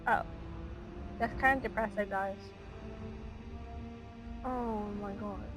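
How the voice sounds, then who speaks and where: A woman's voice: mid-range voice, steady tone, takes it slowly, over music. A woman giving casual, emotional commentary on her gameplay and chatting to her viewers. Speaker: gaming video creator.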